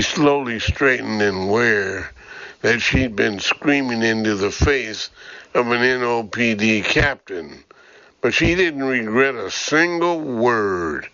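Male narrator, audiobook, slow pace, dry close sound, dull lo-fi recording. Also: medium pitch, lively intonation, bright, forceful tone, dry recording. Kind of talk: scripted narration.

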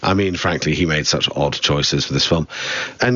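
His voice is a rumbling low, bright and forceful, at a moderate pace, captured in a muffled recording with no room sound. He's a Southern English-accented man, son of the director, giving a reflective interview as a guest. He speaks about his father in a dry, wry, candid way.

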